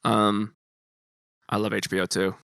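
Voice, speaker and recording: A young man co-hosting a podcast in relaxed casual chat, swearing now and then. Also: measured pace, gravelly, clear, resonant tone, dry recording, studio quality. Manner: laid-back, swearing, low-key. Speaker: podcast co-host.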